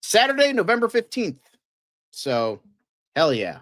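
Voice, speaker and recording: A man hosting a casual fan news livestream, excitable and rambling, with lots of fillers and frequent swearing. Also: sits high, unhurried, no room sound, studio quality.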